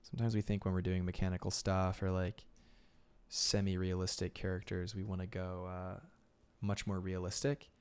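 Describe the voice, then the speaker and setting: Laid-back streaming illustrator, lowish voice. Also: male voice, normal speed, clean tone. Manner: relaxed, rambling, many "like"s and filler words. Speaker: illustrator streaming his sketching. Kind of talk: casual chat while drawing on stream.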